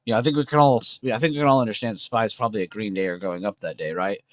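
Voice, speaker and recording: A man's voice: lowish voice, rapid-fire, no echo. A young man hosting a trading livestream, chatting casually and slangily with his viewers. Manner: relaxed, slangy, talks to chat with "bro" and "dude".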